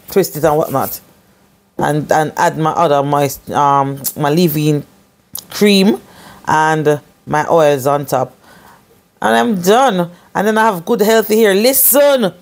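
Chatty woman vlogging, lowish voice. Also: a little mellow. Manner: chatty, rambling, breaks into patois. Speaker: hair care vlogger. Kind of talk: casual chat to camera.

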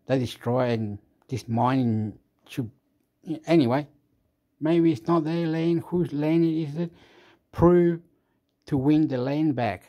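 A man, the host, talking in a rambling casual monologue, jumping between topics with fillers, laughs and sound effects. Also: mellow. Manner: makes sound effects like boop and boom.

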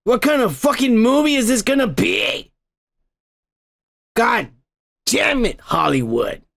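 A man's voice: very high voice, very animated, slow pace, gravelly, fairly bright tone. A man hosting a comedy podcast, ranting and swearing constantly in a crude, rambling way. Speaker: podcast host. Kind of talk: crude drunken comedy rant.

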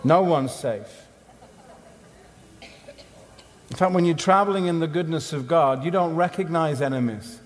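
Speaking at a conference, this man preaches in clipped, forceful phrases with a rhythmic cadence, pausing often. His voice is fairly high and a little slow, and long hall reverb trails each line.

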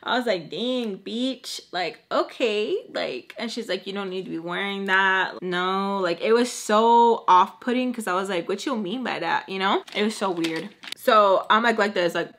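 Animated young woman telling a story. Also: mid-range voice, normal speed, hardly any pauses. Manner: animated, acts out quotes in put-on voices, swears freely; mixes Spanish phrases into English. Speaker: storytime vlogger. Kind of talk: casual storytelling.

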